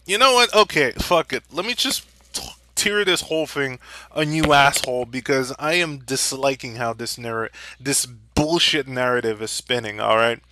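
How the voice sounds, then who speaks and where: A young man delivering an angry, profanity-filled vlog rant and shouting at times. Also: medium pitch. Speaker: vlogger.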